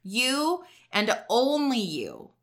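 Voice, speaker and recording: A woman's voice: fairly high pitch, huge pitch swings, very slow, a bit bright. A woman in her thirties hosting a podcast, speaking in an earnest, emotional personal monologue, at times choking back tears. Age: 30s. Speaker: podcast host.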